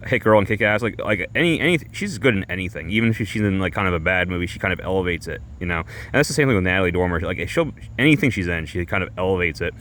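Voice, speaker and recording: Low-voiced man rambling to his chat. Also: expressive, a bit bright, a little hiss or hum. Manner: halting, full of fillers and restarts, chuckles often. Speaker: streamer. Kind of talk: rambling comedic monologue.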